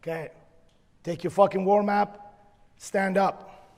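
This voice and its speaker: A man's voice: sits high, steady tone, takes it slowly, long pauses, darkish tone. A man leading a motivational seminar from the stage, giving blunt, profane, drill-like commands. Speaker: seminar leader. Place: large event hall. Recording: echoey hall with a live audience.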